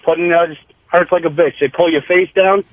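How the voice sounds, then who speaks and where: A man calling in to a radio show, talking in a rough, casual way over a phone line. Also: a little high, steady tone, fairly quick, dry recording. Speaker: radio caller.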